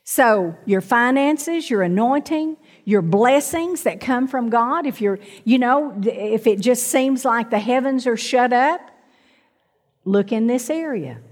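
A middle-aged woman preaching in a church sanctuary, her slightly high voice carrying a long reverb through the hall. She takes her time and draws the congregation in with repeated calls for amens. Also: expressive, a little slow. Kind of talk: sermon.

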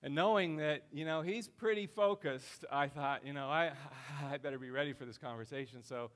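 A middle-aged man preaching a sermon with passion, his voice swelling loud and high as he drives his points home. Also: normal speed. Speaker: pastor.

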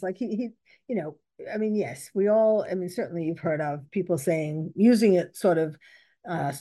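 A woman's voice: mid-range voice, warm tone. A woman commenting on news reports, reading out quotes and stopping to correct herself.

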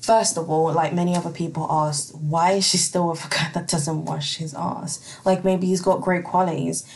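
A woman's voice: fairly low pitch, steady tone, moderate pace, vocal fry, a little mellow. A woman hosting a casual solo podcast, chatty and profane, laughing often as she reads out listener questions. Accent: non-American accent. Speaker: podcast host.

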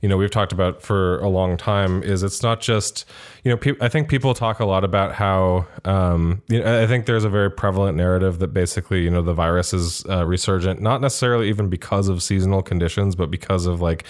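A man's voice: sits low, fairly even intonation, brisk, hardly any pauses. A man co-hosting a political podcast, rambling with lots of fillers and swearing. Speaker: podcast co-host. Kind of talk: casual political chat.

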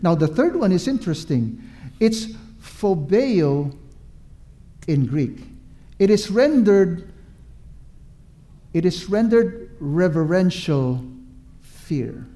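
A man's voice: sits high, very animated, slow, pauses often, mellow. A man preaching a sermon, emphatic and repetitive, drawing out his words and asking the listeners questions.

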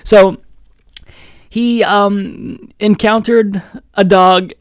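Male podcast host from Oregon, higher voice, sarcastic and swearing, dry close recording. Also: steady tone, very slow, smooth, no echo. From Oregon, USA. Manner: profane, sarcastic, laughing often. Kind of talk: casual political commentary.

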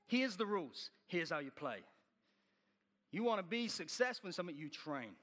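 A man preaching a sermon, telling stories in an animated way and acting out the scenes. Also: high voice, normal speed, in a large hall.

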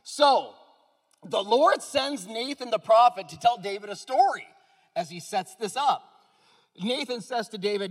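A man with a high voice preaches a sermon as a pastor. He tells the story as if chatting with his audience, but swings from quiet asides to loud, emphatic points. The sound rings with the long reverb of a large hall. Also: animated, a little slow.

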